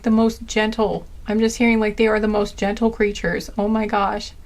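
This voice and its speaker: A woman giving a casual tarot reading, rambling with lots of fillers and restarts, gushing and tender. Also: medium pitch. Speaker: tarot card reader.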